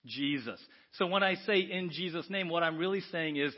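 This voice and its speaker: A man delivers a sermon from the pulpit of a church, dropping to hushed asides and then rising to loud, lively exclamations. His voice sits fairly high. The recording sounds dull and lo-fi, like a church audio capture. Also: normal speed. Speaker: pastor. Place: church sanctuary.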